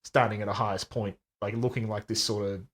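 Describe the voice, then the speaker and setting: A man's voice: lowish voice, fairly even intonation, fairly quick. A man co-hosting a book podcast, speaking in a thoughtful, hesitant way and often repeating words. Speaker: podcast co-host. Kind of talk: casual book discussion.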